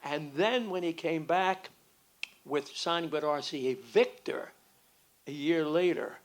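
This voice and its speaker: A man interviewing at a live Q&A, chiming in with quick jokes. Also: a little high.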